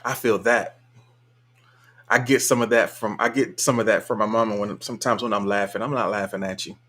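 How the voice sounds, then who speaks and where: A man's voice: lowish voice, fairly even intonation, a little fast, bright, forceful tone. A man hosting a casual live stream, reading viewer comments aloud in a laid-back, colloquial way and chuckling often. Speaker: livestream host.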